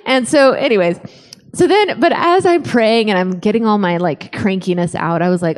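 A woman speaker giving a humorous faith testimony, animated and self-mocking, acting out the voices in her story. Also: medium pitch, normal speed, in a large hall. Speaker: conference speaker.

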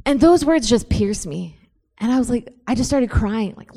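A young adult woman giving a personal faith testimony to a young audience, moving from quiet storytelling into impassioned, rising preaching. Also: on the high side, animated, moderate pace. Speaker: speaker at a youth church event.

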